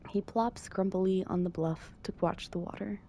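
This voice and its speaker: A woman calmly narrating a visual novel as soft bedtime reading, with dry asides. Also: medium pitch, moderate pace, a little hiss or hum.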